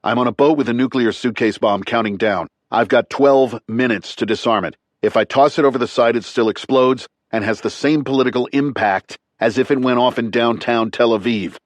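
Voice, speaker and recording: A man's voice: mid-range voice, a little fast, hardly any pauses, dry recording, natural voice. A man voicing a tough former military man who talks in clipped, urgent, profane bursts. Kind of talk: audiobook character reading.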